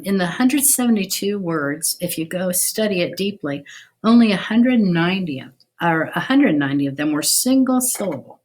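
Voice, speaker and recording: Middle-aged lady with a low voice teaching history, chatty, lots of ums. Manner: chatty, many ums, restarts. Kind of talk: casual video lesson.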